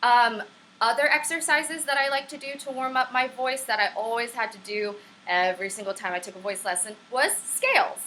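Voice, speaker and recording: A woman's voice: a little high, bright, forceful tone, a little hiss or hum, poor audio. A young woman at home teaching a casual online singing lesson, chatty, encouraging and prone to tangents. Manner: upbeat and encouraging. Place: at home on camera.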